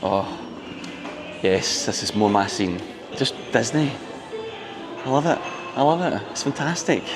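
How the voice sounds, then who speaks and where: A man's voice: medium pitch, normal speed, music in the background. A man, gushing and laughing as he vlogs a resort visit. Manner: excitable, gushing, laughs often. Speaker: vlogger. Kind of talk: casual vlog narration. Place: resort, indoors.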